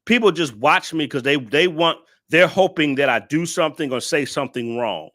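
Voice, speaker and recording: A man's voice: a little high, expressive, moderate pace, fairly bright tone. A man hosting a reaction video, talking in blunt, profane, ranting commentary and scolding his viewers. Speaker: male content creator reacting to a video.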